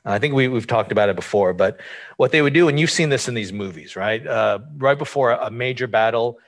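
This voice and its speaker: A man's voice: mid-range voice, a little fast. A man preaching a conversational sermon, informal and explanatory, often asking rhetorical questions. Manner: informal, asks rhetorical questions, frequent fillers.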